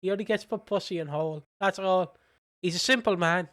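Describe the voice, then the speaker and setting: A man from the United Kingdom co-hosts a laid-back podcast and throws in crude, joking banter. His voice sits high for a man. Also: brisk, a bit bright. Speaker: podcast co-host. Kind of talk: casual podcast chat.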